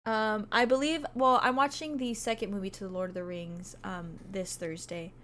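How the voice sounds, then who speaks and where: A woman's voice: mid-range voice, steady tone, normal speed, fairly bright tone, slight background noise. A woman streamer chatting casually, reading out her viewers' messages and laughing often as she thanks them.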